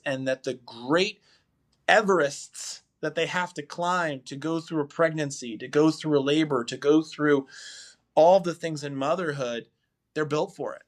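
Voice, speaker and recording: A man on a podcast telling a long, animated story about a life experience in casual chat, rambling with many fillers. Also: fairly high pitch. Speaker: podcast guest, husband.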